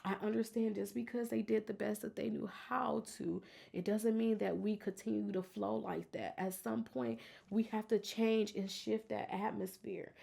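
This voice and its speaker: A woman's voice: mid-range voice, fairly even intonation, normal speed, vocal fry, dark tone. A woman hosting a personal faith podcast, talking earnestly and emotionally in a testifying way. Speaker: podcast host.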